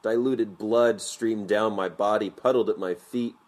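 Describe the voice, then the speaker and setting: A man narrating an audiobook in a measured, vivid storytelling manner. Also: lowish voice, fairly even intonation, a little mellow.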